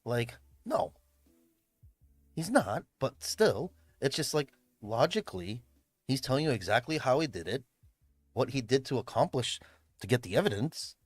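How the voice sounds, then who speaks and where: A man's voice: mid-range voice, very animated, moderate pace, pauses often, no echo. Rambling man streaming. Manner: rambling, many fillers and restarts. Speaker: livestreamer. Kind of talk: casual livestream chat. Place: home room, tidying up. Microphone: streaming mic.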